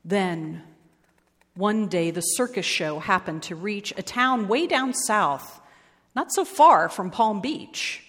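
A woman reading a children's rhyming story aloud with an expressive, lingering delivery. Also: mid-range voice, slow, slightly rough. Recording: long hall reverb.

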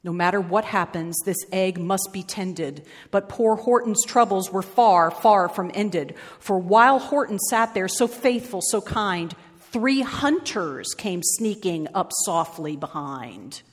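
A woman reading a rhyming storybook aloud in a measured, expressive way. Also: mid-range voice, long reverb tail.

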